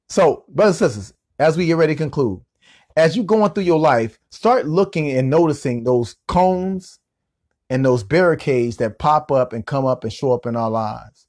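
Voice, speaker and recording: A middle-aged man and motivational coach telling a story on his podcast in a lively, slangy way, with vocal sound effects. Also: on the high side, moderate pace.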